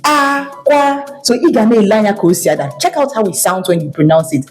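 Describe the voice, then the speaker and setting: Woman, kids' language teacher, encouraging, models tones by sliding pitch; soft music under. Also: big pitch swings, racing. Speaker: Igbo language teacher for children. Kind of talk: online language lesson.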